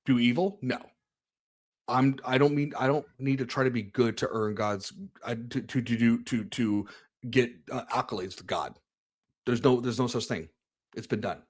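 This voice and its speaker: A man's voice: mid-range voice, normal speed. A man talking earnestly about his faith in an interview, often restarting and repeating words as he searches for them. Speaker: podcast host being interviewed. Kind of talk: candid personal conversation about faith.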